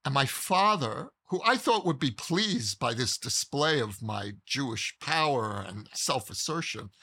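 A man telling a personal story in conversation, measured and earnest, pausing mid-thought. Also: medium pitch, expressive, vocal fry, pushed and bright, breathy edge.

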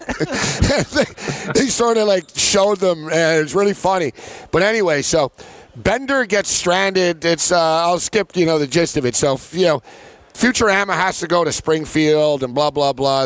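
A man's voice: on the high side, no room sound. A man hosting a sports betting talk show, telling stories in a rambling, casual way and laughing often. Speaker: sports betting podcast host. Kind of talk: casual chat.

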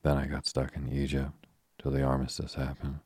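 A man's voice: extremely low pitch, monotone, moderate pace, darkish tone, breathy edge, no echo, clean studio sound. A man reading the lines of a rueful young ex-soldier who is out of work, glum and self-deprecating. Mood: gloomy.

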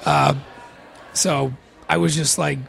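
A man's voice: fairly high pitch, little pitch movement, takes it slowly, creaky, a bit bright. A man telling a long personal story in casual podcast talk, rambling and swearing, with many fillers.

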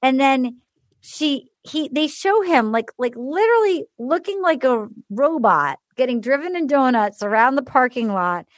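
A woman podcast host recapping a reality show in casual chat, animated and laughing as she acts out quotes. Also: high voice, measured pace, no room sound, clean studio sound.

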